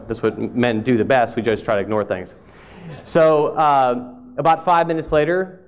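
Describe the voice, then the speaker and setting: In a conference hall, a male speech-language pathologist gives a presentation built around a humorous anecdote, telling it in a conversational, self-deprecating way. His voice is on the high side, animated, and moderately paced.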